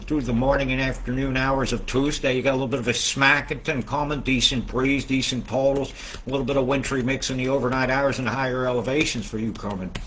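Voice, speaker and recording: A man hosting a casual, rambling weather update, swearing often and swinging between loud outbursts and low muttering. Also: slight background noise. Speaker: weather video host.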